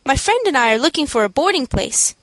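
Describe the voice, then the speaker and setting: A woman reading the part of a modest teenage boy who speaks low and gently protests. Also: sing-song, brisk, no room sound. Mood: earnest. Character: earnest, modest teenage boy, soft-spoken.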